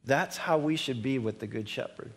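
A man's voice: mid-range voice, normal speed. A middle-aged male pastor giving a conversational sermon, repeating words for emphasis and lifting his voice on key points. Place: church sanctuary.

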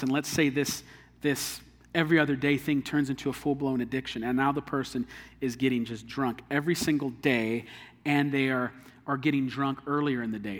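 A man's voice: mid-range voice, a bit bright, in a large hall. A man preaching a sermon in an earnest, conversational way, drawing on everyday illustrations. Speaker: pastor.

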